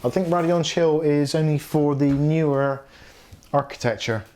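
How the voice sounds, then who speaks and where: A man's voice: a little high, normal speed, dark tone. A middle-aged man hosting a casual live tech chat stream, reading viewer comments aloud and laughing often.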